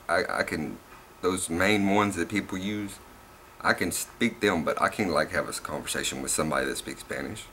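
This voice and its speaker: Young Southern man, bright edgy voice, rambling and cussing in a casual vlog. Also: sits low, a little hiss or hum. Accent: Southern US, Tennessee. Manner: rambling and profane, laughs at himself. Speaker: vlogger.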